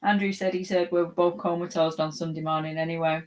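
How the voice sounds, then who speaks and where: A teasing woman co-hosts a casual livestream and reads out viewer comments. Her voice sits a little low for a woman. She laughs easily and bickers playfully with her co-host. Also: steady tone, a little fast, darkish tone, low-quality recording. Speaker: co-host of a live reselling show. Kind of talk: casual live-stream chat, reading viewer comments.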